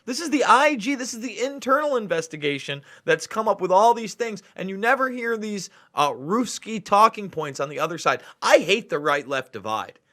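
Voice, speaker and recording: A man hosting a political commentary show, talking in an excitable, sarcastic way and breaking in on clips. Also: high voice, normal speed, hardly any pauses.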